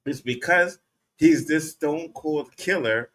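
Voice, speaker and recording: A man co-hosting a casual show recap, animated and laughing often as he acts out lines from scenes. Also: on the high side, takes it slowly. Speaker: podcast co-host.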